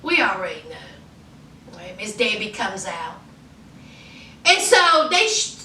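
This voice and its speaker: Sassy lady gossiping, high bright voice, roomy echo, kinda far from mic. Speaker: YouTube recap host. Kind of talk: casual chatty recap.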